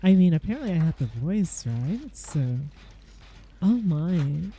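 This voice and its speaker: A woman's voice: fairly low pitch, big pitch swings, measured pace, dark tone, breathy edge. A young woman streaming and chatting casually, reacting with giggly disbelief. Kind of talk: casual chat.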